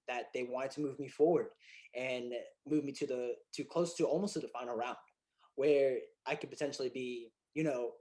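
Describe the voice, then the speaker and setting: A filmmaker and actor appears as a guest in a casual interview, telling stories in an excitable, animated way full of fillers and restarts. His voice is medium in pitch.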